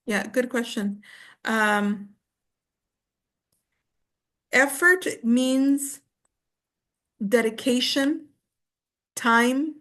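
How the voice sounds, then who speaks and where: A woman's voice: on the high side, fairly bright tone. Patient woman teaching English online. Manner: patient, encouraging, explains slowly with fillers.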